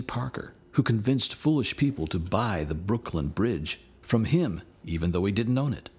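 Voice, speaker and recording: A man narrates a scripted lesson and reads a story aloud. His voice is low and husky. His pitch moves a lot as he gives an animated reading. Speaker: teacher, storyteller.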